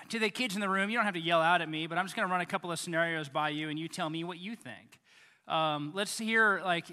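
A man's voice: a little high, sharp tone. Chatty man preaching in a big hall. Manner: conversational and joking, acting out little scenarios. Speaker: pastor. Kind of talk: sermon. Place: church hall.

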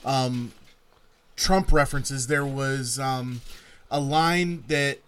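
A man's voice: medium pitch, steady tone, slow, a bit bright, clean tone. A man co-hosting a casual podcast, recounting news stories and paraphrasing what others said. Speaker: podcast co-host. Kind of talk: casual chat.

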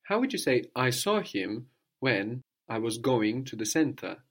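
A man's voice: mid-range voice, sing-song, measured pace, slightly rough. A man giving a patient one-to-one language lesson, prompting his student with questions and repeating the answers. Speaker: language teacher.

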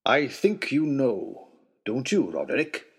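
A man voicing a gentle, hearty host with a stern edge, in a storybook reading. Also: medium pitch, big pitch swings, a little slow, husky.

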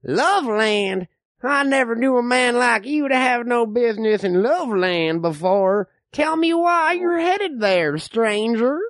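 A man voicing a nosy, rambling, bigoted old frontier man who talks in slow, folksy slang. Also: extremely high pitch, animated, a bit bright, dry recording, studio quality, full character voice.

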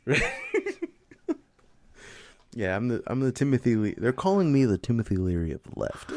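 A man's voice: mid-range voice, wildly swooping pitch, unhurried, pauses often, a little mellow. A young man in casual conversation, rambling and swearing, with lots of fillers and frequent laughter. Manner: profane, rambling, laughs often, filler-heavy.

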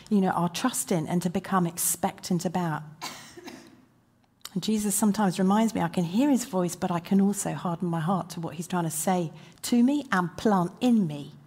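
A woman preaching a sermon, acting out quoted prayers and questions with rising energy, then dropping to a quiet, earnest tone. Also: medium pitch, husky. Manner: animated, acts out quoted prayers with rising intensity.

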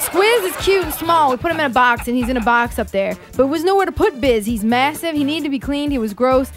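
A woman co-hosting a loose talk show, her voice pitched a little high as she spins a profane, animated story. Faint music runs underneath. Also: fast talker, a crowd in the background. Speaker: podcast co-host. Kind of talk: casual storytelling chat.

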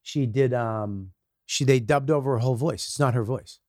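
A middle-aged male comedian chatting as a guest, animated and laughing often. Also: medium pitch, moderate pace, no echo, studio quality. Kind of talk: casual chat.

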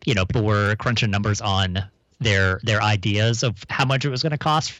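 A man's voice: lowish voice, moderate pace, fairly bright tone, no echo, lo-fi sound. Hesitant man in casual podcast chat. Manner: hesitant, many fillers and restarts.

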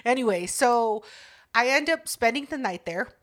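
A woman's voice: a little high, expressive, normal speed, very noisy. A young woman co-hosting a podcast, telling a story in casual chat with profane indignation. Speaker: podcast co-host.

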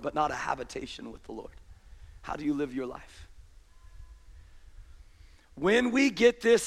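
A man preaching with a high, light voice, his words ringing out in a long hall reverb. He swings from fervent shouts down to low, hushed intensity as he drives his sermon home. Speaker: pastor.

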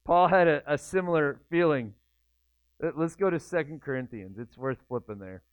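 A pastor with a slightly high, smooth voice preaches at a moderate pace in a conversational style, acting out the inner voices of his listeners. The sound is tinny and phone-like, completely dry with no room sound.

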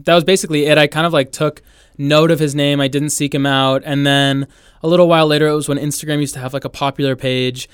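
A man's voice: a little high, fairly even intonation, quick pace, smooth, dry recording, clean studio sound. A young man chatting as a podcast guest, telling stories in an easygoing way. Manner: easygoing storyteller. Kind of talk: casual chat.

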